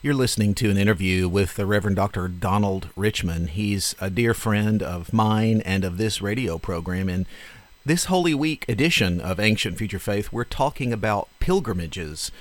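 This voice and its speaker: Male radio host, low voice, unhurried and affirming interviewer. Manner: unhurried, affirming, slightly halting.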